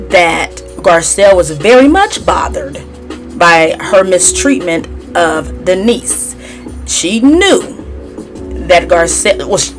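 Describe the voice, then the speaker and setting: A woman giving a casual, sassy gossip recap as a tarot reader, chatty and opinionated. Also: lowish voice. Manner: chatty and sassy, mimics cast members in a raised voice.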